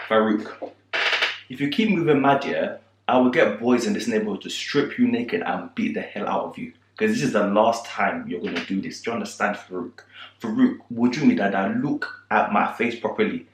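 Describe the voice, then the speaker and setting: A man's voice: on the low side, moderate pace, slight background noise, lightly acted. A man doing a stern, threatening older landowner. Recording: roomy echo.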